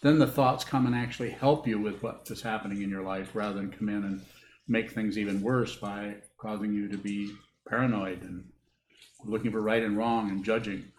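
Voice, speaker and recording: A man giving a dharma talk as a Buddhist teacher, answering questions in a halting, thoughtful way and repeating words as he rethinks. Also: lowish voice, fairly even intonation. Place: meditation hall with a group. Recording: echoey room with faint hiss.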